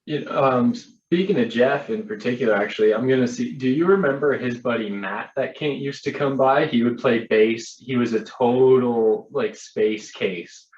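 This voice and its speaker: A man hosting a podcast, chatting in a relaxed way and sharing news. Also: mid-range voice, normal speed, few pauses, echoey room, dull audio. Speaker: podcast host. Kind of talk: casual chat.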